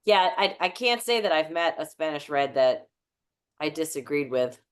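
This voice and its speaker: A woman with a somewhat low voice chats with her wine club over a video call. She talks enthusiastically in a rambling way, trailing off and correcting herself mid-sentence. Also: lively intonation, moderate pace, smooth. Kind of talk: casual chat on a video call.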